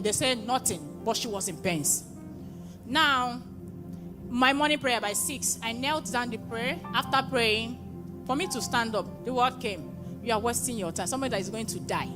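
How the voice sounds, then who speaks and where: Young woman with a high voice testifying at a church gathering, her story swinging into excited cries, with music playing clearly behind her. Warm-hearted, plainspoken storytelling. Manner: emotional, often rising to excited exclamations. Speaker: testifier at a prayer conference.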